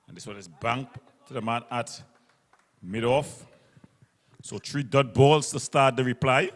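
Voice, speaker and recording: A mid-pitched man gives live ball-by-ball commentary on a local cricket match broadcast from the ground. He's brisk and methodical, describing field placings and correcting himself, and a long reverb trails his voice.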